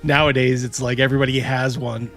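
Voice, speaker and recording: A man's voice: medium pitch, fast, faint music behind. A middle-aged man hosting a casual chat, telling stories animatedly and acting out other people's voices. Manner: animated storyteller, acts out voices. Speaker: host.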